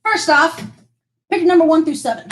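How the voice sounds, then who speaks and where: A woman with a high, light voice hosts a relaxed live stream challenge. She bosses her guests around in a teasing way and laughs often as she talks. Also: normal speed, a little hiss or hum, rough recording. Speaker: stream host.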